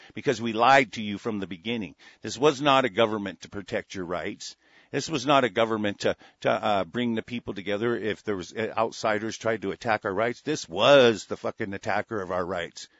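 A man's voice: on the low side, a bit bright, dry recording, lo-fi sound. Sarcastic, swearing man ranting over news. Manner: angry, sarcastic, swears a lot, reads then rants. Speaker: political commentator reading news aloud. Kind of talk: profane ranting commentary on news.

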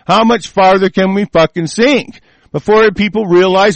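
Here a man who works as a political commentator rants alone about the news, enraged and cursing constantly. He speaks fairly quickly in a high-pitched voice with vocal fry and fairly even intonation, and there's no room sound.

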